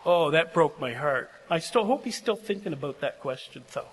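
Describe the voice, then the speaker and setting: A man's voice: a little high, lively intonation, moderate pace. An older man giving a heartfelt, emotional address to seminary graduates, telling personal stories in an earnest way. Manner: heartfelt, emotional, prone to tearing up. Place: large chapel. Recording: long chapel reverb.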